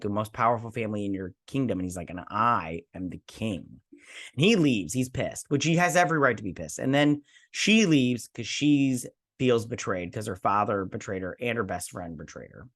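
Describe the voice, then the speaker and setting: A man's voice: fairly low pitch, a bit bright. A tired man hosting a TV review, casually recapping an episode in a loose, rambling, slangy way. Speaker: TV review host.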